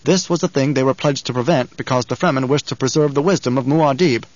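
A man reading scripted audiobook narration in a measured, dramatic way. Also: medium pitch, darkish tone, dry recording, lo-fi sound.

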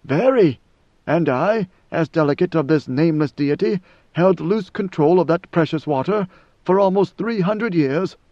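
A man reading an audiobook and voicing an ancient godlike male emperor who speaks slowly and gravely. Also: fairly high pitch, animated, a little mellow, no room sound, voice pushed up, natural voice. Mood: solemn. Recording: dull lo-fi dry recording.

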